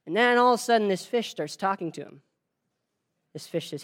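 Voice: medium pitch, animated, brisk, a bit bright. A preacher tells a story during a sermon in a loose, conversational style. The speaker talks straight to the listeners, often stumbling over words and restarting sentences. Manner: conversational, many restarts and fillers; addresses the audience directly.

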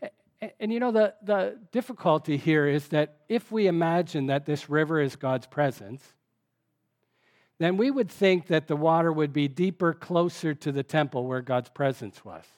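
A man with a fairly high voice preaches a teaching sermon. He talks in a relaxed, conversational way, reads scripture aloud and speaks directly to his congregation. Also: normal speed.

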